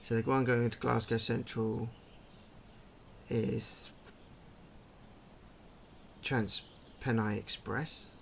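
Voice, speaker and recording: A gaming channel host offers casual game commentary extremely slowly with long pauses, chatting loosely, musing aloud and making puzzled asides at what he sees. His gravelly voice sits at an ordinary pitch, with steady noise humming behind him throughout.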